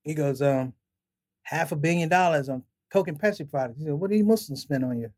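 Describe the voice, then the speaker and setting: Animated middle-aged man telling stories. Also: fairly high pitch, a little fast. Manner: animated storyteller, acts out quotes with laughs. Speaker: comedian and podcast guest. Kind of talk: storytelling in casual interview.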